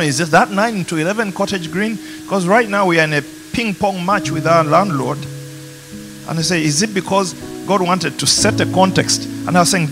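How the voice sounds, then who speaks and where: A pastor with a Ugandan accent preaching a passionate sermon in a church, rising to emphatic peaks. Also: male voice, high-pitched, brisk. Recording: music playing behind.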